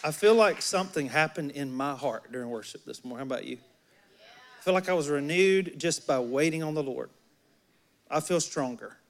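High-voiced folksy Southern pastor. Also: male voice, moderate pace, a faint crowd. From Alabama. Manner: folksy, joking, talks directly to the congregation. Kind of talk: sermon. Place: church sanctuary.

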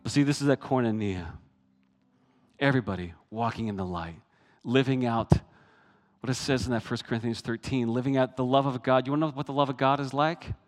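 Animated male preacher in a reverberant hall. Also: medium pitch, a little fast. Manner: animated, with dramatic swings from hushed to loud. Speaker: pastor. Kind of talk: sermon.

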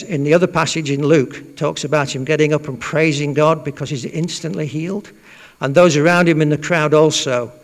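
A man's voice: on the high side, creaky. A man giving an informal sermon in a church, chatty and full of fillers, repeating his points for emphasis. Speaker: preacher. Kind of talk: informal sermon with a Bible reading. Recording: long reverb in a church.

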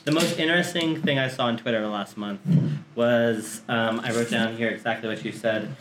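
A man hosts a casual chat and asks his guest questions at an easy, hesitant pace. His voice sits in a roomy, echoey space. A clear noise bed with clicks runs underneath. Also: medium pitch, moderate pace. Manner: relaxed, hesitant with fillers.

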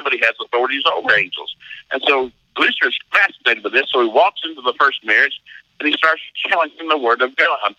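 Middle-aged male pastor, folksy storyteller; very bright, dry close sound. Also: mid-range voice, dry recording, rough recording. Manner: folksy, acts out voices in stories, laughs often. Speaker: pastor and marriage seminar teacher. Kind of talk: animated interview storytelling.

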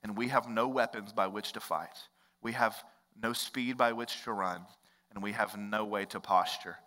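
Bright-voiced preacher man in a reverberant hall. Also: steady tone, moderate pace. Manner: conversational, swings between loud bursts and hushed low lines. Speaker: pastor. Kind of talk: sermon.

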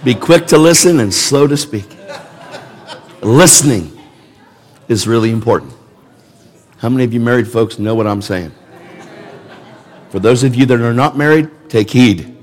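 A man's voice: medium pitch, animated, normal speed, pauses often. A man preaching a sermon in an emphatic, conversational way, repeating words for emphasis. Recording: long reverb of a large hall.

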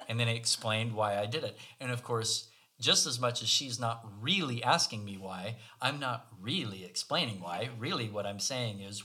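A man's voice: medium pitch, expressive, moderate pace, sharp tone. A man co-hosting a conversation, telling a story about himself in a casual, self-deprecating, wry way. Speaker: podcast co-host.

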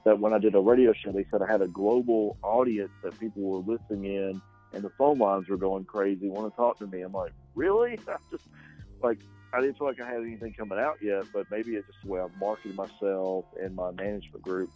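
A man's voice: on the low side, steady tone, fairly quick, soft background music. A male actor being interviewed, speaking casually and hesitantly, with many ums and restarts. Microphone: radio show microphone. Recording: dull, lo-fi sound.

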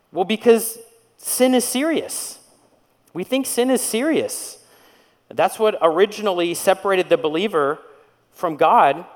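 Male preacher, fairly high voice, chatty sermon delivery; church hall echo. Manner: conversational preaching with rhetorical questions. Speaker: pastor.

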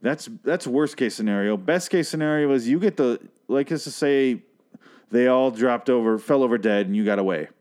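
A man's voice: mid-range voice, normal speed, darkish tone. A man casually recapping a TV episode, rambling, sarcastic and full of swearing.

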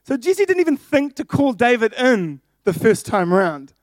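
A young man delivers a sermon in a playful, jokey way, turning to speak straight to his listeners. His voice sits noticeably high. The sound is close and dry. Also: sing-song, normal speed, no echo. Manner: playful, jokey, addressing the congregation. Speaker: preacher.

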